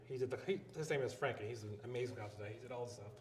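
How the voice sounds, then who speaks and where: A man's voice: medium pitch, racing, slight background noise. A man with a Philadelphia accent, a filmmaker and educator, telling stories in an interview and acting out the people in them. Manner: animated storyteller, acts out quoted voices. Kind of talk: storytelling interview talk. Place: live event venue. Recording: roomy live event recording.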